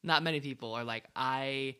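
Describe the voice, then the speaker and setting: A man's voice: medium pitch, expressive, fast, sharp tone. A young man co-hosting a podcast, laid-back and agreeable, chiming in with short replies and laughs. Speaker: podcast co-host. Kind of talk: casual chat.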